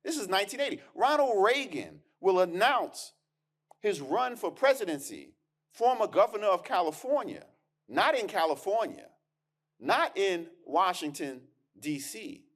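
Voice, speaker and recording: A man with a high voice delivers a keynote lecture as a historian. He talks in an emphatic, conversational way, stacking repeated words as he restarts and landing punchy rhetorical asides. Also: very animated, measured pace. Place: lecture hall.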